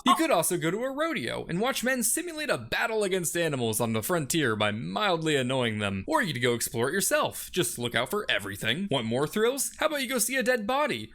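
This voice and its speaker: A woman narrating a scripted comedy explainer in a sarcastic tone. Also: on the low side. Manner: sarcastic and lively.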